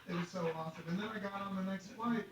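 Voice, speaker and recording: Man, rapid profane storytelling, swaggering, acts out dialogue, very echoey distant recording. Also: high-pitched. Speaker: podcast storyteller. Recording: echoey, distant, faint hiss.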